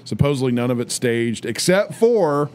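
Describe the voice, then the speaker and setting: A man's voice: medium pitch, lively intonation, moderate pace, darkish tone, clear, resonant tone. Chatty man riffing on a podcast. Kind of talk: casual podcast chat.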